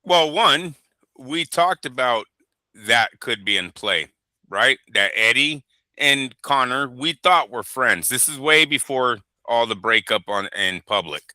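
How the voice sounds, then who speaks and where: Bright, dry-voiced man telling stories. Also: medium pitch, animated, unhurried, no room sound. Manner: profane, rambling storyteller acting out quotes. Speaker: boxing show co-host. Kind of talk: casual podcast chat.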